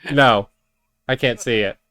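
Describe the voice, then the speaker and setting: A man's voice: mid-range voice, a little slow, sharp tone. A man narrating a tabletop game as game master, dry and teasing.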